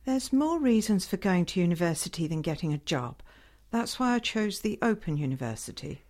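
An actress playing a middle-aged wife, defensive and determined. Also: female voice, fairly low pitch, big pitch swings, a little fast, a little mellow.

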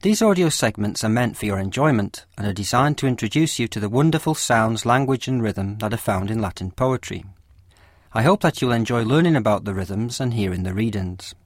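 A man giving scripted educational narration as a course lecturer, with a measured and clear explanatory delivery. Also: mid-range voice, no echo, clean studio sound.

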